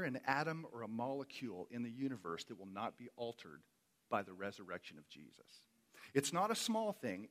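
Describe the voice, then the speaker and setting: A man's voice: mid-range voice, a bit bright. Earnest man preaching a sermon. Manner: earnest, emphatic, repeats key phrases. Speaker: pastor.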